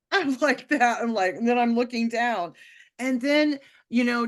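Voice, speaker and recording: A woman telling a personal story in a casual, animated way, with lots of fillers and restarts. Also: fairly high pitch. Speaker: speaker sharing a personal testimony.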